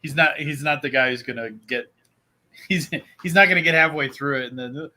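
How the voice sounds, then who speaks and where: A man chats casually on a live show, relaxed and a bit stammering. His voice is bright and forward. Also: on the high side, moderate pace. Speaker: podcast co-host. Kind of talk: casual chat.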